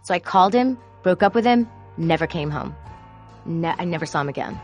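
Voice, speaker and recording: A woman who produces court shows tells candid, confessional stories about her job and grows animated when she quotes herself. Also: on the low side, brisk, soft background music. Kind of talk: personal storytelling.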